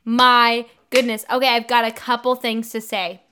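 A woman's voice: on the high side, little pitch movement, normal speed, sharp tone, a little hiss or hum. A woman in her twenties co-hosting a casual book-discussion podcast, ranting in mock fury and laughing often. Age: 20s. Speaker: podcast co-host.

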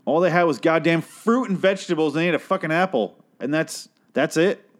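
A man's voice: on the high side, fairly quick. A man hosting a podcast who delivers an exasperated, heavily profane comedic rant and keeps breaking off to apologize. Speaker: podcast host.

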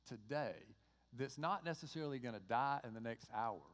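A man's voice: medium pitch, moderate pace. Southern guy from georgia preaching, chatty, voices the dialogue, big hall echo. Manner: conversational preaching, acts out dialogue with lively voices. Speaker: pastor. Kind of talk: sermon. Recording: long hall reverb.

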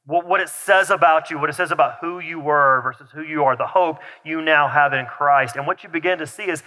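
A man's voice: a little high, a little fast, few pauses, bright, forceful tone. A man preaching a sermon as pastor, talking conversationally with restarts and asides. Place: church sanctuary. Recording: long reverb of a large hall.

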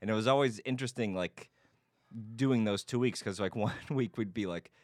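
A man in his late thirties chatting casually, telling family stories in an animated way. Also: moderate pace, no echo, clean studio sound. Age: 30s. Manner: animated storyteller, mimics relatives in high voices. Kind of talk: casual chat. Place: Los Angeles.

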